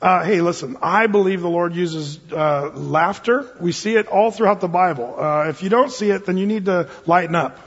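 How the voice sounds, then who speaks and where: A man with a high, husky voice delivers a sermon as pastor. He jokes his way through the teaching in a loose, conversational manner, and the sound is dull and lo-fi with a long reverberant hall tail. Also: moderate pace, hardly any pauses. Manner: joking, conversational preaching. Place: church sanctuary.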